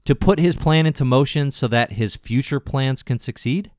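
A man's voice: medium pitch, normal speed, a little mellow, dry recording, studio quality. A man co-hosting a casual comic-book podcast, easygoing and joking. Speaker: podcast co-host. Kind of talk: casual chat.

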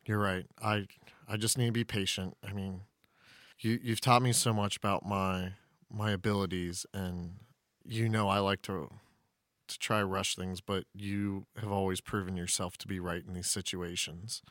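A man voicing a thirteen-year-old boy sorcerer, anxious and earnest, his words halting. The tone is bright and a touch higher than his own, recorded dry and close. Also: level tone, no room sound. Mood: worried, earnest.

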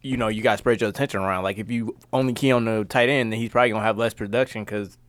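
A man's voice: fairly low pitch, fairly even intonation, very fast. A man co-hosting a casual sports talk show, laid-back and slangy, with lots of "like" fillers.

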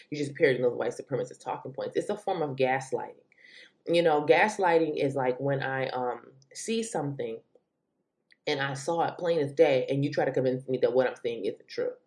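Low-voiced woman hosting a commentary show. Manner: animated, exasperated rants with sudden high pitch jumps. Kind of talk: opinion commentary monologue.

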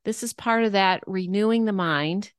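A woman's voice: mid-range voice, normal speed, smooth, no room sound, studio quality. A woman guest on a podcast explaining things in an earnest way, with some hesitant ums. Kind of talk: casual interview conversation.

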